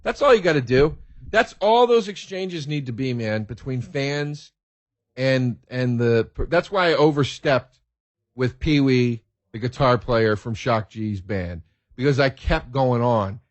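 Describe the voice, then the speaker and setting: Profane, excitable male storyteller, dry sound. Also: medium pitch, measured pace, no room sound. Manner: profane, excitable storyteller who laughs mid-sentence. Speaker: podcast host. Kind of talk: casual storytelling.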